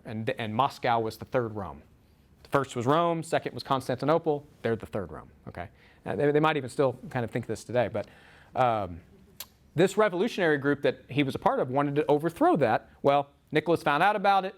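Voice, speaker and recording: A man preaching a sermon in a storytelling way, often stopping to restart a phrase or repeat a word. His pitch climbs sharply on emphasized words, giving the delivery a lively, animated feel.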